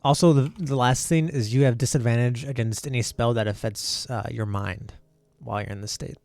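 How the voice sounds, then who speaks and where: A man's voice: medium pitch, steady tone, a little fast, vocal fry, darkish tone, no echo, soft background music. Man running a tabletop game, dry mic. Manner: explains rules loosely with many fillers. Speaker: game master. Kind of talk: casual tabletop game narration.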